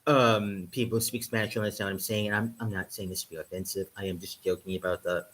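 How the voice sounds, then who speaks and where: A man's voice: low voice, steady tone, fast talker, fairly bright tone, a little hiss or hum, low-quality recording. A man talking casually to camera in a rambling, joking vlog, full of um fillers. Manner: rambling, heavy um fillers, chuckles at own jokes. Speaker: vlogger. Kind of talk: casual comedic monologue. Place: indoors in Europe, drinking wine.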